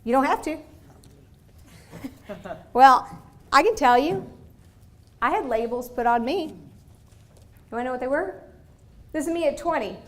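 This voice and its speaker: A woman with a mixed Michigan and Texas accent giving an animated motivational lecture, asking the audience questions. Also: high voice. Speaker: guest speaker. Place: university lecture hall.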